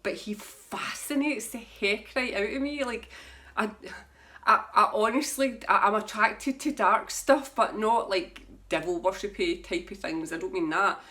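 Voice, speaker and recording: A woman's voice: mid-range voice, measured pace, pushed and bright. A woman who reads tarot, chatting casually to camera about her books in a rambling way and laughing at herself. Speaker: tarot reader. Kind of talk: casual book chat to camera.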